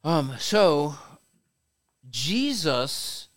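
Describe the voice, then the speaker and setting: Male bishop, sermon delivery, unhurried with lively call-and-response. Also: a little high. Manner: slow, animated preaching with call-and-response. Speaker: bishop preaching.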